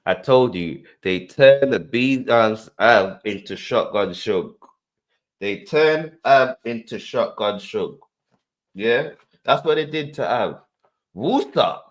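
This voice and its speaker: Speaking slowly but animatedly in a medium pitch, a man hosts a reaction show. He delivers playful, animated commentary, often repeating phrases and acting out scenes.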